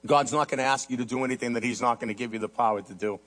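A male pastor preaching a sermon to a church congregation, impassioned, moving between soaring emphasis and low earnest asides, with many rhetorical questions. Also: racing, fairly bright tone.

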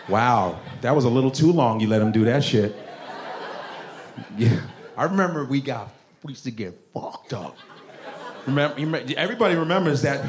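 A man doing stand-up crowd work at a comedy club, loud and profane, laughing as he talks. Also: medium pitch, lively intonation, brisk, long pauses, slight background noise. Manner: loud, profane, laughing, acts out parents' voices.

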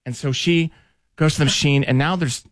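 Fast-talking male radio host. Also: on the high side, fairly even intonation, dry recording, studio quality. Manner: rambling, self-deprecating anecdote with acted-out quotes. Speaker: radio morning show host. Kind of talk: casual storytelling.

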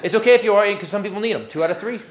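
A man's voice: sits high, very fast, heavy background noise. A male stand-up comedian on stage, brash and profane, baiting the crowd. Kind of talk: stand-up routine. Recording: echoey live club recording with crowd.

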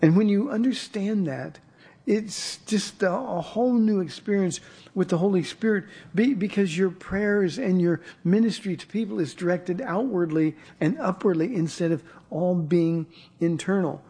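A man's voice: sits high, normal speed, dark tone, breathy edge. A man preaching a sermon as pastor, earnest and repeating his words as he starts a thought. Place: church.

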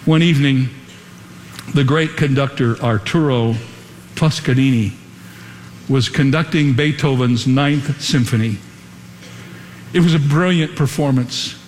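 A man preaching a sermon in an earnest, measured way, building to emphatic repeated lines. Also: medium pitch, a little hiss or hum. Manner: earnest preaching with dramatic pauses and quoted whispers. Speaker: pastor. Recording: long hall reverb, faint ambience.

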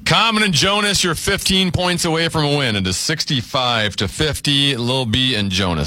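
A man hosting a word game show, briskly announcing scores and clues. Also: medium pitch, animated, pushed and bright, a faint crowd.

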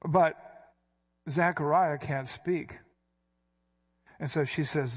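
A man's voice: fairly high pitch, slow pace, gravelly, pauses often, husky. A man preaching an expository sermon, explaining a passage in a teacherly, emphatic way and punching out key words. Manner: emphatic, stresses quoted words with sudden rises. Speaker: pastor.

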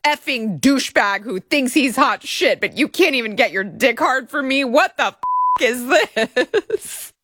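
A woman's voice: on the high side, animated, normal speed, fairly bright tone, no echo, studio quality, pitched above the performer's own voice. A woman voicing a brash, domineering woman with a taunting, cackling delivery.

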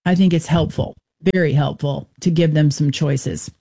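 With a deep, creaky, mellow voice, a middle-aged woman runs a Christian talk radio program at a moderate, steady pace. She comes across as earnest and conversational, breaking into short laughs and restarting sentences.

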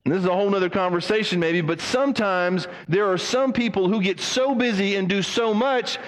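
A man preaches with an animated delivery and acts out the people he quotes. His voice sits a little high for a man. It rings with the long reverb of a church hall. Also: brisk. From United States. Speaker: pastor. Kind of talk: sermon.

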